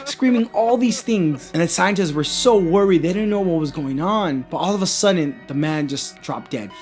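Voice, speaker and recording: A man in his thirties retells a horror story as casual chat, wandering off into asides as he goes. His voice sits a little high for a man. Soft guitar music plays quietly behind him. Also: expressive, normal speed. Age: 30s. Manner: rambling and conversational, with frequent asides.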